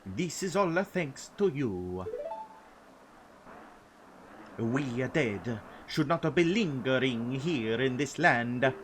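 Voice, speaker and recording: A man voicing a mournful, grateful ghost composer in a put-on, vaguely Swedish-sounding accent, drawn out slowly and grandly. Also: expressive, noisy background. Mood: solemn. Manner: slow, grand, high-pitched reading.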